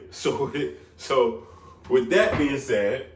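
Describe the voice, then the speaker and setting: A young man with a New York accent, a barber vlogging an animated, profane rant into his phone, repeating "you get what I'm saying". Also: medium pitch, drawn-out words, echoey room, distant mic. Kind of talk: casual vlog rant. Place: his room at home.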